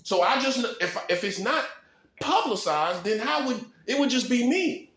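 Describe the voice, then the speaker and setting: High male preacher, rhetorical and punchy, self-amused, recorded in a roomy apartment. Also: lively intonation, a bit bright. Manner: rhetorical, fast-talking, punctuates points with "boom"; chuckles at his own points. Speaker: self-styled prophet. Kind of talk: preaching monologue to camera. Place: apartment room. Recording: echoey room.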